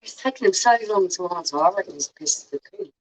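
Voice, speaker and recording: A woman's voice: on the low side, lively intonation, brisk, poor audio. Teasing woman chatting on stream. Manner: teasing, chatty, talks to viewers. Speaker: livestream co-host. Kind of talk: casual chat.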